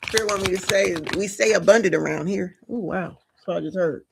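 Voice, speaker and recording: A woman's voice: medium pitch, a little fast, gravelly, heavy background noise. A woman giving a live collective tarot reading, talking casually and directly to her viewers with slang and frequent chatty asides. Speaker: tarot reader.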